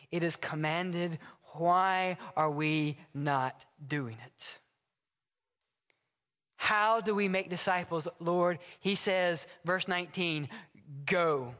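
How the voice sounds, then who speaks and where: A man preaching a sermon from the pulpit, telling stories and acting out short dialogues. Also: high voice. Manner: animated storytelling with acted dialogue. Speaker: pastor. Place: church sanctuary. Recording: long hall reverb.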